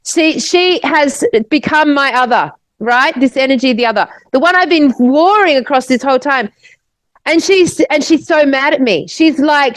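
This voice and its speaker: An Australian woman co-hosting a podcast, telling a wild story in an animated, rambling way and swearing freely. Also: high-pitched, moderate pace, no echo, poor audio. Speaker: podcast co-host. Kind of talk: casual storytelling.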